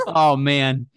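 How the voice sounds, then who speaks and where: A man's voice: fairly high pitch, smooth, dry recording, studio quality. A man co-hosting a casual podcast, teasing his co-host and laughing constantly. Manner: giggly, teasing banter. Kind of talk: casual chat.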